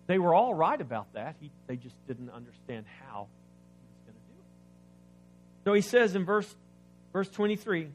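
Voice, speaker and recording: A man preaching a sermon, reading scripture aloud and explaining it, asking the congregation questions, swinging between loud emphasis and quiet asides. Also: fairly high pitch, lively intonation, normal speed, faint music behind. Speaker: pastor.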